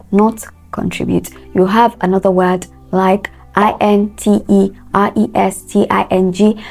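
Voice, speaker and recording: Woman, pronunciation coach, slow deliberate drilling, gravelly edge, mellow tone, faint music behind. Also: mid-range voice. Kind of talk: pronunciation lesson.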